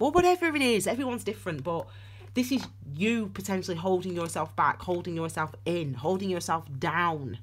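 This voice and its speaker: Woman, tarot reader, husky breathy tone, low-pitched, rambling and earnest. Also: lively intonation, normal speed, fairly bright tone. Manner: rambling, earnest, talks straight to viewers, gets tearful. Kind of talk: casual tarot reading to camera.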